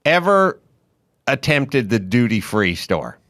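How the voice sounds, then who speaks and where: A male podcast host with a bright, forceful voice that swings widely in pitch. He tells comic stories in a casual way and acts out the voices in his head. The sound is dry and close, with no room in it. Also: slow, no echo. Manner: animated storytelling, acts out his own inner voices. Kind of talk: casual comedic chat.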